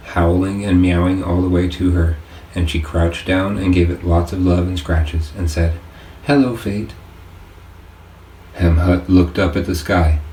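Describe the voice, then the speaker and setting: A man narrates an audiobook in a deep, mellow voice, reading with earnest, measured delivery. He sounds set back from the mic in a roomy space. A faint hiss sits underneath. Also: distant mic.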